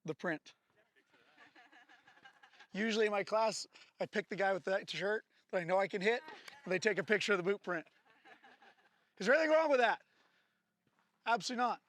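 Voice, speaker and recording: High, bright-voiced man barking range commands. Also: brisk, pauses often. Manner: barks short range commands, jokes between drills. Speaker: firearms instructor. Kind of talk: live training-class instruction.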